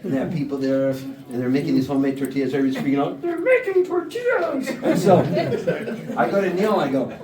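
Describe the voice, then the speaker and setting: A singer-songwriter telling a rambling comic story to a live audience, laughing and quoting people in voices. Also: male voice, mid-range voice, fast talker, a loud crowd. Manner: laid-back, laughing, quotes people in voices. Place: small showcase room, live audience. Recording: roomy live room, mic at a distance, background noise.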